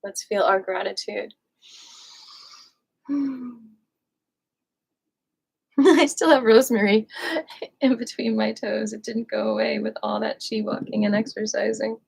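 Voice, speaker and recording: A woman leading a live qigong class, gushing and encouraging, swooping high on affectionate words. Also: steady tone, measured pace, creaky, pauses often, slightly rough, low-quality recording. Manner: gushing, sing-song, warmly encouraging. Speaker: qigong and yoga instructor. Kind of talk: live online movement class.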